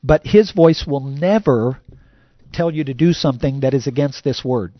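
A man's voice: medium pitch, normal speed, no room sound, lo-fi sound. A man preaching a sermon as a pastor, conversational and full of "you know" fillers.

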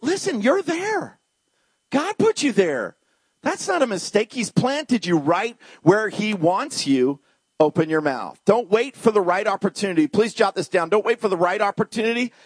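A male preacher tells stories and jokes with a congregation in a lively sermon. His voice sits high and swings widely in pitch. The recording is dry and close. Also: no echo. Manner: humorous, animated, talks to the congregation.

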